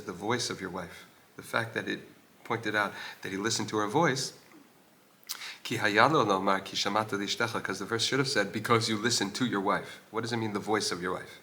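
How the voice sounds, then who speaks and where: A man with a lowish, bright and forceful voice teaches Torah in an old stone synagogue. He reads short Hebrew passages, translates them and keeps questioning the text aloud, filling his pauses as he explains.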